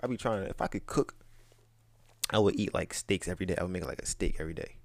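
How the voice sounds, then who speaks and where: A man's voice: low voice, fast, gravelly, dry recording. A young man co-hosting a podcast, teasing and joking in casual slang. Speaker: podcast co-host. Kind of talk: casual chat.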